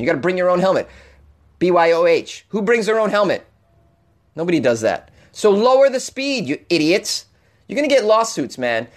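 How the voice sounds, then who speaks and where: On a comedy podcast, an American man rants in an animated, jokey manner, swearing casually. His voice runs on the high side.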